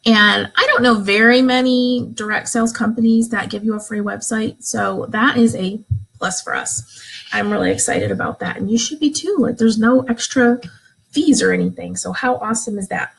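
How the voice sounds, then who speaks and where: A woman's voice: on the high side, gravelly, breathy edge, rough recording. A woman leading a live video training for her direct sales team, upbeat and encouraging, talking straight to new members. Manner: upbeat, encouraging, acts out excited examples. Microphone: phone or webcam, live stream.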